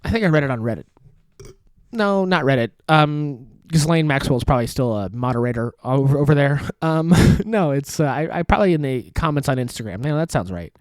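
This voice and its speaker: A man's voice: medium pitch, expressive, a little fast, no echo, clean studio sound. Profane ranting young man podcaster. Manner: profane, sarcastic, laughs often, trails off. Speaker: podcast host. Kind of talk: casual ranting commentary. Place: studio apartment at a foldable table.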